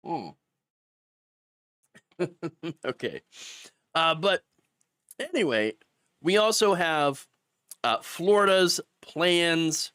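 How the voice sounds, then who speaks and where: A man's voice: fairly high pitch, big pitch swings, slow pace, long pauses, fairly bright tone, clean tone, no echo. A man hosting a political commentary live stream, with the hiccups, talking casually and restarting sentences often. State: has the hiccups.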